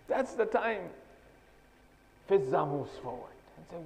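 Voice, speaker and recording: Male preacher, gravelly and slightly high voice, emotional sermon storytelling in an echoing hall. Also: normal speed, a little mellow. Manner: emotional storytelling, rising to impassioned pleading. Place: mosque hall. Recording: long hall reverb.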